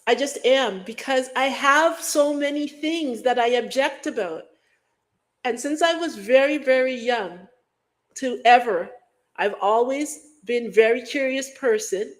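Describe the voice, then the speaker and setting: Middle-aged woman from Guyana, livestream host, loose playful rambling, slightly high voice. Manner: rambling, playful, breaks into sung beats and mock accents. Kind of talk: casual chat.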